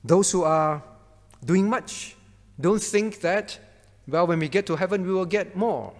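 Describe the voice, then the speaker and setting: A man's voice: a little high, big-room sound. A man as pastor teaching a Bible class, quizzing his students by name and hammering home his point through repetition.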